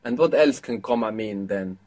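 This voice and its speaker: A man's voice: lowish voice, moderate pace, a little mellow. A man teaching a live online language lesson, patiently explaining grammar and quizzing his students with questions.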